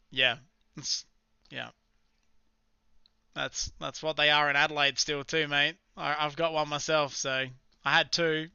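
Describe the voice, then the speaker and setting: A man with an Australian accent hosting a live stream in casual, rambling chat, slangy and quick to laugh. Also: a little high, pushed and bright, smooth, no room sound, highs cut off. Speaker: livestream trading host.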